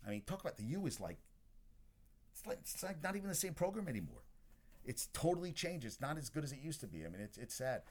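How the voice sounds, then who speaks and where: A man's voice: medium pitch, quick pace. A man hosting a sports podcast, chatting casually about games as he watches one, rambling with restarts and asides. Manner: chatty and excitable about scores. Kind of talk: casual sports talk while watching a game.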